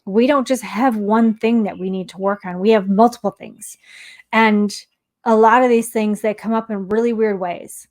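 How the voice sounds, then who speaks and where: A woman's voice: medium pitch, fairly even intonation, normal speed, darkish tone. A woman who teaches mindfulness, talking candidly in a casual self-help monologue and sharing personal stories.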